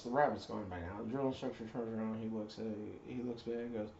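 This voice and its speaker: A man's voice: on the low side, fairly even intonation, fast, hardly any pauses, darkish tone. A man telling a casual story, rambling with lots of fillers and self-corrections. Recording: roomy dull recording.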